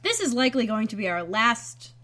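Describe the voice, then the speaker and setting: A woman co-hosting a casual podcast from a home room, her voice sitting a little high and swinging up and down a lot. She giggles often and wanders off into playful asides. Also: big pitch swings, fairly quick, a bit bright. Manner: giggly, goes off on playful tangents. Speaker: podcast co-host. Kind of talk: casual chat. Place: home room being moved out of.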